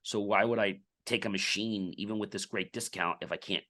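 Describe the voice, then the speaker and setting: A man's voice: lowish voice, fairly even intonation, a little fast, bright, forceful tone. A middle-aged man, a podcast guest, telling a business story in casual interview talk and acting out the dialogue.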